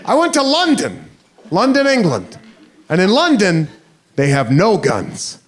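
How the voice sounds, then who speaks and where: A man's voice: high-pitched, huge pitch swings, measured pace, a faint crowd. A man doing stand-up comedy, telling a self-mocking story on a club stage. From United States.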